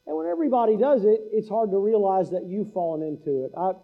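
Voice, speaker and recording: Middle-aged male preacher, folksy, high voice, muffled lo-fi sound. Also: expressive, a little fast. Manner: folksy, mimics local speech for laughs. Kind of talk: sermon. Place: church hall.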